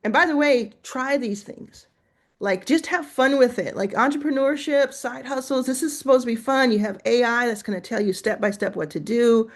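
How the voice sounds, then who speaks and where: Speaking at normal speed in a voice on the high side, a female host runs a relaxed screen-share tutorial. She chats, reacts along the way, and chuckles to herself as she types and reads things out.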